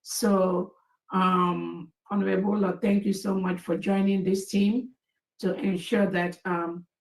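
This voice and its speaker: A woman addressing a gathering in a measured, slightly hesitant way, heard in a played clip. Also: mid-range voice, little pitch movement, darkish tone, roomy sound, poor audio.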